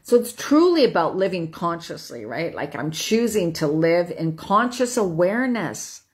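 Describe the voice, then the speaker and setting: A woman's voice: fairly low pitch, big pitch swings, normal speed. A woman in her fifties giving a casual self-help talk, chatty, tagging her points with "right?" and laughing as she goes. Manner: chatty, frequent "right?", laughs while talking. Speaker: host.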